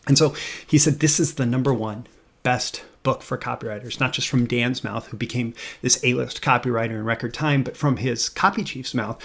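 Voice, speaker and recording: Male host, casual to-camera talk, gravelly fry, halting and rambly delivery. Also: medium pitch. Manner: rambling, hesitant, many fillers and restarts. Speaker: copywriting video host.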